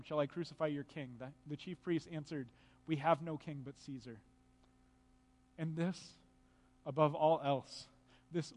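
A man's voice: a little high, long reverb tail. A man preaching a sermon, reading scripture aloud and explaining it with earnest emphasis and pointed rhetorical questions.

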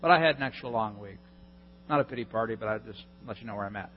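A male pastor preaching a sermon, telling a story with lively, self-mocking humor. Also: lowish voice, quick pace, a little hiss or hum. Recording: dull lo-fi recording in a hall.

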